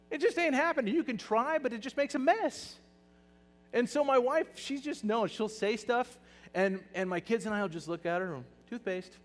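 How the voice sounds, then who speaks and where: A male pastor preaching a sermon, animated and swinging between soft, hushed lines and loud bursts. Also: extremely high pitch. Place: church hall. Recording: long hall reverb.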